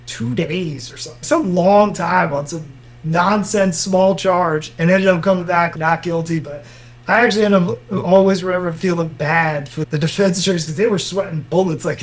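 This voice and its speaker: A man's voice: sits high, moderate pace, low-quality recording. A man with a Miami accent, a lawyer and podcast co-host, telling courtroom stories in a casual chat. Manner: animated storyteller, acts out quotes.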